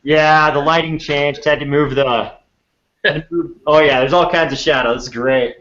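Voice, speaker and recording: A man's voice: a little high, steady tone, moderate pace, fairly bright tone. A man chatting casually over a laptop video call, easily amazed and restarting his sentences while he fiddles with his setup. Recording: dull lo-fi video call audio.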